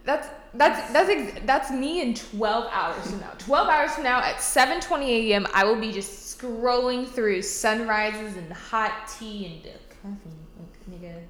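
A woman's voice: fairly high pitch, unhurried, few pauses, fairly bright tone. Woman, podcast co-host, blunt profane rant, echoey room. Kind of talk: casual chat.

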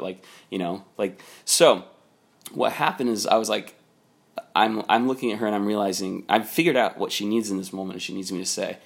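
A man's voice: lowish voice, brisk, creaky. A man casually telling a long personal story about his boss, rambling with many fillers. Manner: rambling, many "like" fillers, quotes people in raised voice. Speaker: storyteller recounting a work conflict.

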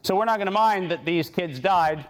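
High-voiced man, sarcastic and emphatic. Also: normal speed. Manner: sarcastic, emphatic, builds to outraged points. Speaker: speaker giving a talk. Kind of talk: impassioned lecture with slides.

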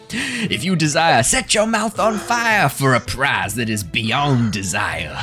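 A man voicing a brash male contest announcer with quick showman patter, in a tabletop game. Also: expressive, pushed and bright, faint music behind. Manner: showman patter, booming and brisk.

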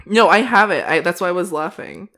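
A woman's voice: lowish voice, very animated, fairly quick, pushed and bright. A young woman co-hosting a podcast in casual chat, giggly and mocking herself, with some swearing. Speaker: podcast co-host.

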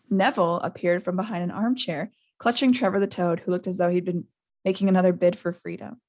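A woman hosting a podcast, casually reading a novel aloud and lifting her pitch into lively voices for the characters' quoted lines. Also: vocal fry, no room sound, clean studio sound.

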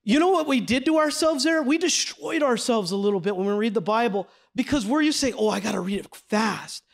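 High-voiced, energetic man teaching. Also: brisk. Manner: energetic, conversational, asks the group questions. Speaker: Bible study teacher. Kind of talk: classroom teaching with slides. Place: classroom with a group.

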